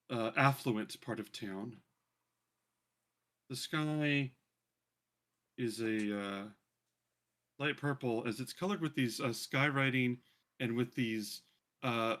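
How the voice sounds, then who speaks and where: A man narrating as game master of a fantasy tabletop game, relaxed and halting with many fillers. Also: mid-range voice. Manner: relaxed, many ums and uhs.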